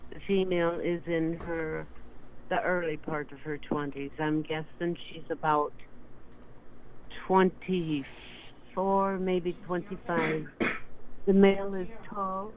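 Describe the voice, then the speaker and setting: A woman caller giving a psychic reading, describing spirits slowly and searching for words. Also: fairly low pitch, fairly even intonation, background noise. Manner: slow, halting, searching for words. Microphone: call audio.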